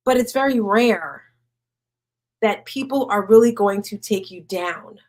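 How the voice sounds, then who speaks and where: A woman's voice: mid-range voice, measured pace. Woman giving a heartfelt motivational talk. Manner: personal, conversational, asks the audience questions. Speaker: speaker at a women's event.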